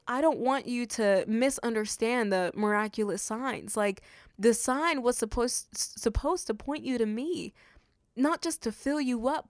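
A woman with a lilt talks through scripture in a relaxed, chatty way, slipping into quoted voices as she goes. Her voice sits a little high, and the recording is close and dry with no room sound. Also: no echo. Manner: conversational, animated, acts out quotes with "he's like". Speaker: podcast host. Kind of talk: casual Bible study podcast.

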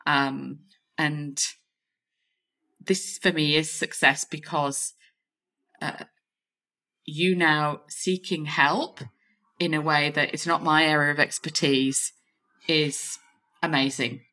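A woman's voice: sits low, fairly even intonation, slow, pauses often. A woman hosting a podcast as a confidence coach, speaking in an affirming, encouraging way. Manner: warm, affirming coaching talk. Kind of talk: casual chat.

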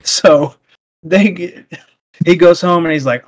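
A man's voice: high voice, takes it slowly, no echo. A man co-hosting a casual podcast chat, rambling with lots of fillers and restarts as he recaps a show. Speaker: podcast co-host.

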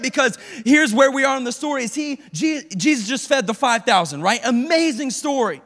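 Youth pastor, male, high voice, lively casual preaching, echoing hall. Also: brisk, hardly any pauses. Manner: animated, acts out prayers in character; casual slangy speech. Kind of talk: sermon. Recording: reverberant hall.

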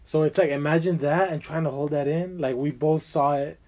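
A man's voice: on the high side, steady tone, moderate pace, a little mellow. A young man chatting casually as a guest, rambling with lots of fillers and slang. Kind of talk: casual chat.

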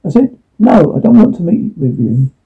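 A man's voice: high voice, big pitch swings, normal speed, creaky, exaggerated voice. A man reading the part of a young woman coolly turning down a lad, curt and dismissive. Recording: tinny phone-like line.

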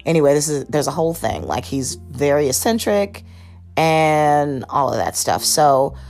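A woman's voice: low voice, animated, unhurried, a little mellow, faint music behind. A woman from the United States hosting a podcast, rambling casually through a TV review with many fillers and self-corrections. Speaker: podcast host.

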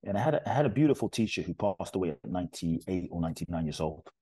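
Guest spiritual teacher, male, Ghana-born: deep, husky, earnest and animated in telling. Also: quick pace, no room sound. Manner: earnest, animated storyteller with restarts. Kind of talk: storytelling in a podcast interview.

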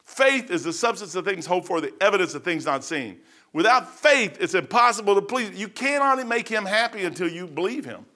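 A man's voice: sits high, animated, brisk, sharp tone. A middle-aged man preaching a sermon in a folksy, repetitive way that rises to fervent emphasis.

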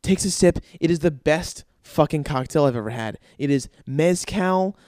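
A man's voice: on the high side, normal speed, dry recording. Profane storyteller man, dry close voice. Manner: animated, profanity-laced storytelling with frequent fillers. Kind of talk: casual anecdote telling.

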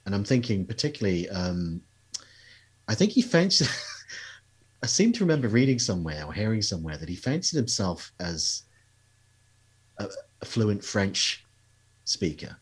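A man hosting a podcast, asking measured questions in a casual interview chat. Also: fairly low pitch, very animated, slightly rough. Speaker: podcast host.

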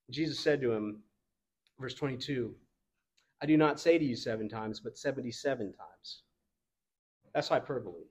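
A man's voice: medium pitch, a little mellow. A young adult man preaching a sermon in a casual, conversational way, with fillers and the odd laugh. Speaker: pastor. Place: church.

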